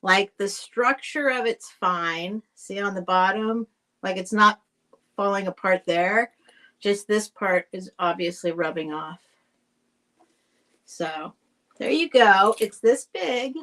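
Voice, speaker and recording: Slow-talking chatty woman selling live. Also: medium pitch, fairly bright tone. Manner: chatty, rambling, thanks buyers by name. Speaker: live-stream seller. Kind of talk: casual live sale chat.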